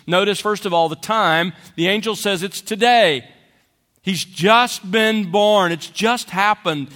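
Slow, emphatic preacher in a reverberant hall. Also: male voice, high-pitched, a bit bright. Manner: slow and emphatic, stressing key words. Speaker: pastor. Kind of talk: sermon. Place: church. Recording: long reverb of a church hall.

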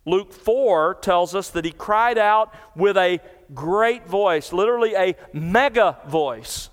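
A man delivers an earnest expository sermon, citing chapter and verse as he goes. His voice is smooth, resonant and slightly high, and it carries a long reverb through a large church sanctuary. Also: expressive, slow. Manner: earnest expository preaching, cites scripture references. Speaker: pastor.

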